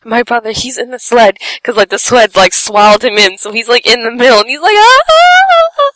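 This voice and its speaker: A woman's voice: on the high side, fairly quick, no room sound, poor audio. A woman telling a funny personal story in a casual way, giggling often and acting out what people said. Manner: animated, acts out quotes with squeals and shouts; giggles between lines. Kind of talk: casual anecdote.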